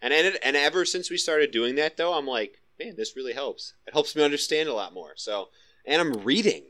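A man's voice: a little high, animated, a little fast, bright, forceful tone. A man hosting a casual podcast, rambling and laughing often, correcting himself as he goes. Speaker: podcast host. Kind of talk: casual chat.

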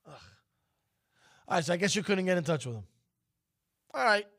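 Animated man hosting morning radio. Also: high voice, a little fast, creaky. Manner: animated, playful, teasing. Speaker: radio show host. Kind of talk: casual radio banter.

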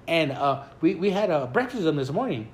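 An older man with a high-pitched voice rambles through a story among friends, cursing freely and repeating himself as he goes. His tone is loose and conversational, and he often stumbles over his own words before landing the punchline. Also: very animated, brisk. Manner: profane, rambling, laughing storyteller. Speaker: storyteller in a group chat. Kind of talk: casual chat.

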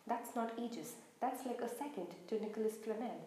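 A woman's voice: fairly high pitch, moderate pace, warm tone, slight background noise, lightly acted. Hermione, a woman reading as a bossy schoolgirl. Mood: snappy. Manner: snappy, exasperated, lecturing. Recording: roomy echo.

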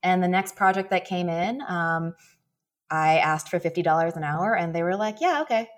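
Lower-pitched woman co-hosting a podcast. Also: fairly even intonation, moderate pace. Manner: anecdotal, laughs while telling stories. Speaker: podcast co-host. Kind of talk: casual chat, storytelling.

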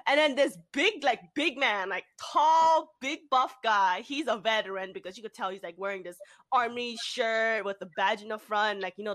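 A young woman chatting casually with friends, telling a work story with animated, swearing delivery. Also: on the high side, no room sound. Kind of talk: casual chat.

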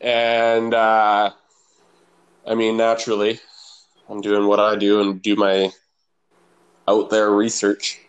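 A man's voice: fairly low pitch, completely flat delivery, takes it slowly, pauses often, clear, resonant tone, lo-fi sound. A man in casual chat, rambling and crude, swearing often.

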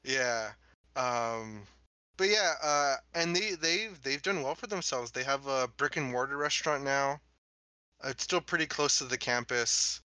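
Young male co-host, relaxed filler-heavy chat, bright edge, dry booth sound. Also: mid-range voice, clean tone, no echo, rough recording. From Los Angeles area. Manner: laid-back, many fillers, quick bursts. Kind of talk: casual chat.

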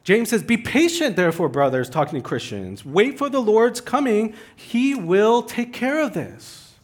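A man preaching a sermon, who swings from loud, urgent pleading to quiet, hushed asides. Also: high-pitched, sing-song, unhurried. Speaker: pastor.

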